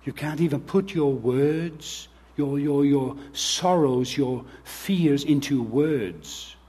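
A man's voice: fairly high pitch, slow, warm tone, breathy edge. A man preaching an earnest sermon as pastor, reading scripture and speaking directly to the children.

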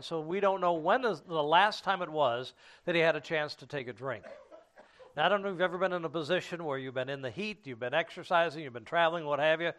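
A man preaching a sermon, teaching from scripture in an unhurried way with frequent fillers and restarts. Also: a little high, a bit bright.

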